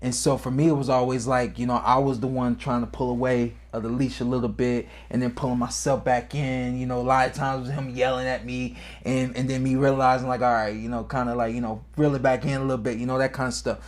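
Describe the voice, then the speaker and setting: A man co-hosting a podcast, telling a personal boxing story in a casual way, acting out quotes, his voice climbing high when the story gets emotional. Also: flat delivery, fast talker, few pauses. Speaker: podcast co-host and former boxer.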